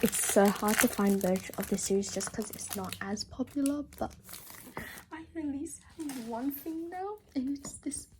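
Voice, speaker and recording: Young woman, excitable unboxing vlogger. Gushes and swings from loud bursts to whispers. Faint noise behind her. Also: on the high side. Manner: gushing, excitable, drifts between loud outbursts and whispers. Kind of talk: casual unboxing haul.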